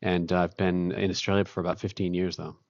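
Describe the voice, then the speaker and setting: Deep-voiced man, dry muffled sound. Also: fairly quick, no room sound. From Boston, USA. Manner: relaxed storytelling, occasional self-laughs. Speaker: guest, company co-founder and CEO. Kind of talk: conversational interview.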